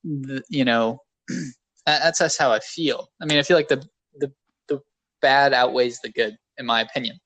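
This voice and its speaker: A man co-hosting a casual podcast in a rambling, self-deprecating way. His voice sits at a middle pitch. The sound is dry and close to the mic. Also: moderate pace, a bit bright, dry recording. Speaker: podcast co-host.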